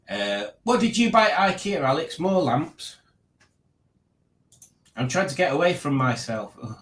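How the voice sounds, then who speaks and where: A man's voice: fairly high pitch, big pitch swings, unhurried, pauses often, fairly bright tone. A man hosting a casual livestream, rambling and reading out viewer comments. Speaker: livestream host.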